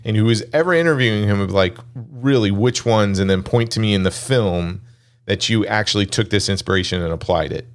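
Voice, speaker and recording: A man's voice: fairly low pitch, quick pace. A man in a casual film discussion, skeptical and critical as he pushes back on points.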